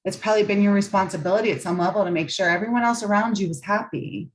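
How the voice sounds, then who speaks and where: A woman's voice: medium pitch, fairly even intonation, fast talker, poor audio. A woman relationship coach giving a guided coaching talk in a soothing, affirming, earnest way.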